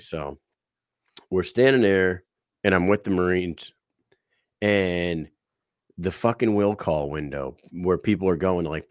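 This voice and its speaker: Podcast host, male, lowish voice, swears freely, animated storyteller, dry close recording. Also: no echo. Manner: profane, excitable storytelling. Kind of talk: casual storytelling chat.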